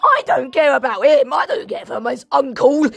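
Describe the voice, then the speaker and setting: A woman hosting let's play game commentary, excitable and shouty, with mock-formal asides. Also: sits high, normal speed, gravelly, no echo. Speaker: gaming channel host.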